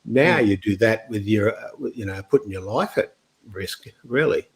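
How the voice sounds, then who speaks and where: Halting middle-aged Australian male host. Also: lowish voice, lively intonation. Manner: halting, many restarts, laughs easily. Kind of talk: casual panel chat.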